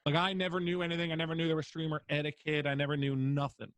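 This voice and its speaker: A man's voice: a little high, level tone, fast, fairly bright tone, dry recording. A young man, a streamer guest on a podcast interview, talking casually with lots of fillers and free swearing. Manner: rambling, filler-heavy, swears freely.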